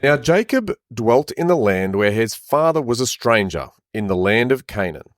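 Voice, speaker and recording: Man, mid pitch, very lively intonation, dry close sound; casual reader who stops to comment. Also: normal speed, no echo. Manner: chatty, stops often to comment. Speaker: podcast co-host and reader. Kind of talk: casual chat reading scripture aloud.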